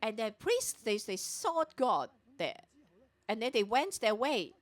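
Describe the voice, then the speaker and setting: A woman delivers a morning prayer sermon, teaching through a scripture passage verse by verse. Her voice sits high and swings widely in pitch, and she brings the characters' lines to life as she retells the story. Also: big pitch swings, measured pace.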